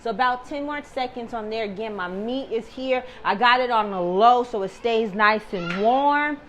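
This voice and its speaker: A woman's voice: on the high side, normal speed, fairly bright tone, echoey room, far from the mic, slight background noise, low-quality recording. A woman hosting a casual home cooking video, chatty and reassuring, calling the viewer baby. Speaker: cooking vlog host. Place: home kitchen.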